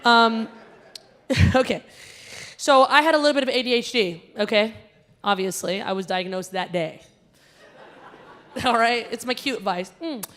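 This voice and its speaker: A woman's voice: on the high side, unhurried, long pauses, fairly bright tone. A woman emcee doing stand-up comedy at a gala, chatty and teasing the audience, with a Connecticut-like American accent, on a stage mic in a large hall. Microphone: handheld stage mic.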